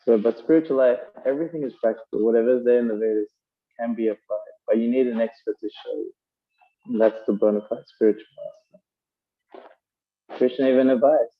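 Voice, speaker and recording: A man's voice: medium pitch, brisk, narrow, tinny audio. Conversational male preacher giving a talk. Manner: conversational, storytelling with fillers. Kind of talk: sermon.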